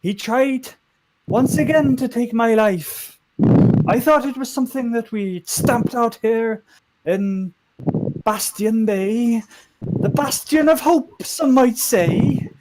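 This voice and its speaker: Guy putting on a high squeaky lady captain voice, celtic-ish lilt, swooping all over, proud party hostess. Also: animated, a little slow, vocal fry, background noise, exaggerated voice. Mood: dramatic. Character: proud female ship captain, festive hostess.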